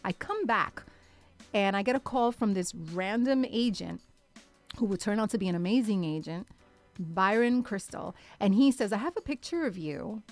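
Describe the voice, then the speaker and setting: A woman telling a lively story as a radio show guest, acting out the people in it. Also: mid-range voice, normal speed, soft background music. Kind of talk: animated storytelling in casual chat. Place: radio studio.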